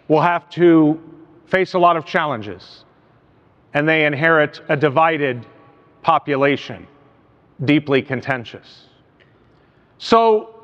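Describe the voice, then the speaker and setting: A man's voice: high voice, a bit bright. A man preaching a sermon as pastor, asking rhetorical questions and telling stories. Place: church sanctuary. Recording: reverberant church hall, dull sound.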